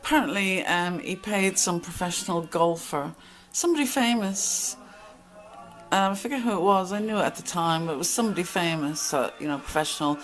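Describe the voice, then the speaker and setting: A woman's voice: fairly low pitch, a little fast, low-quality recording. Blunt, chatty woman storyteller. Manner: chatty, blunt, acts out quoted exchanges. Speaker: channel host. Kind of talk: casual storytelling monologue.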